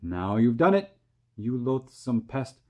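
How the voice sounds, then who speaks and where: A man voicing a gloomy, fearful earthworm who speaks in hushed warnings. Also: mid-range voice, big pitch swings, slow pace, lo-fi sound. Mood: hissing reproach.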